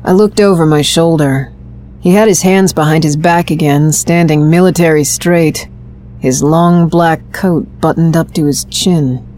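A woman narrates an audio drama in the first person, her voice very low for a woman. She holds a steady, even storytelling pace that runs a little slow.

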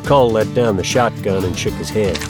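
A man reading a first-person western story aloud, in a steady, even storytelling manner. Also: fairly low pitch, brisk. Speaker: audiobook narrator. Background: guitar music.

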